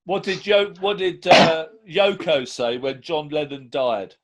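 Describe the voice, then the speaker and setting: A man's voice: a little high, lively intonation, measured pace, a bit bright. A man hosting an interview, joking, with eager affirmations. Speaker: podcast host. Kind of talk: casual interview chat. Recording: noisy line.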